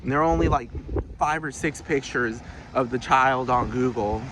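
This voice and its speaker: A man's voice: medium pitch, moderate pace, background noise. A man vlogging a heated, profane rant with many restarts, outdoors. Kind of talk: casual ranting monologue.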